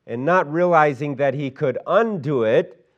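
A man's voice: a little high, unhurried, highs cut off. A middle-aged male pastor telling a folksy story in a sermon, rambling with lots of fillers and restarts.

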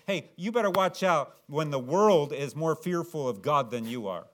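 Brief: male preacher, slightly high voice, dramatic sermon delivery with big dynamic swings. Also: lively intonation, moderate pace, hardly any pauses. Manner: dramatic, swings from low earnest tones to loud acted shouts.

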